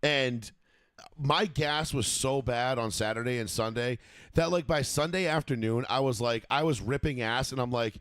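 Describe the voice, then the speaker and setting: A man co-hosting a podcast, telling crude, drawn-out comic stories in casual chat. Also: medium pitch, a bit bright, no echo. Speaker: podcast co-host.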